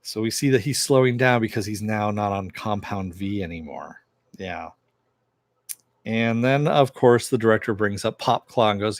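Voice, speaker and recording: A man's voice: on the low side, moderate pace, no echo. A man giving a casual episode recap as a reviewer, retelling the plot with lots of fillers. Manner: rambling retelling full of fillers.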